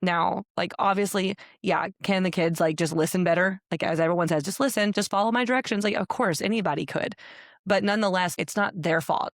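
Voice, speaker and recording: A woman's voice: lowish voice, steady tone, a little fast, no room sound, studio quality. A woman in her thirties co-hosting a podcast, talking earnestly and frankly in a casual chat, often using "like" as a filler. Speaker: podcast co-host. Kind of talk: candid conversational chat.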